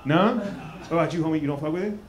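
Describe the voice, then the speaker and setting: A male stand-up comedian from Maryland doing loud, laughing crowd work and teasing audience members. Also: a little high, fast. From Maryland, USA. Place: comedy club stage. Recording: noisy live club recording.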